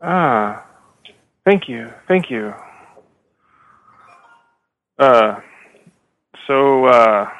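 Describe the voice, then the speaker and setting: A man playing a tabletop role-playing game, speaking politely and haltingly with fillers. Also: mid-range voice, expressive, phone-quality sound. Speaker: player.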